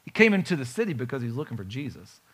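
A man preaching a sermon, animated and full of rhetorical questions to his congregation. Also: medium pitch, quick pace, husky. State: has a bad knee. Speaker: pastor.

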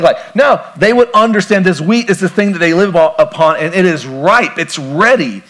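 A man's voice: high-pitched, animated, a little fast, a bit bright. A man preaching a sermon as a pastor in a conversational way, asking his listeners questions and joking between points. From grew up on a farm. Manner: conversational, asks the congregation questions, jokes.

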